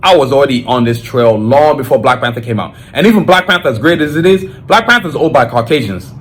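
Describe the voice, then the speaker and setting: A man's voice: medium pitch, lively intonation, quick pace, a bit bright. A man with a Nigerian accent, hosting his podcast in an emphatic, fired-up solo monologue with frequent restarts. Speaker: podcast host.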